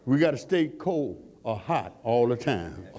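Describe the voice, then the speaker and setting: A man's voice: medium pitch, sing-song, a little slow, warm tone. A man preaching a sermon in call-and-response style, asking the congregation questions and climbing to fervent peaks.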